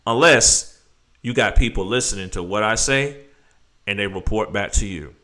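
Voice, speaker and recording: A man's voice: on the low side, moderate pace, bright, forceful tone. A man hosting a live stream, talking casually and rambling animatedly to his viewers.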